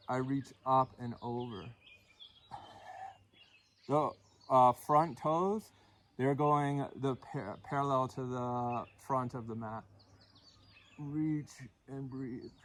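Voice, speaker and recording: A man leading a yoga class, cueing poses and breaths in a calm, unhurried way and counting the holds. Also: medium pitch, a little hiss or hum. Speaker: yoga instructor. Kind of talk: guided yoga class instruction.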